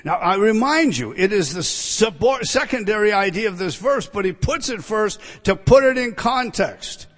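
A man preaching an expository sermon, stressing key words loudly and dropping into quiet asides. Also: high-pitched, lively intonation, moderate pace, hardly any pauses, soft background music. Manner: emphatic, drops to quiet asides. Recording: long reverb of a large hall.

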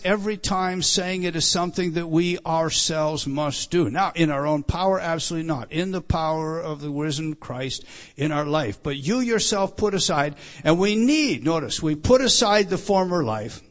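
A man preaching an earnest sermon, often repeating words and slowing down for emphasis. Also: fairly high pitch. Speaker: pastor.

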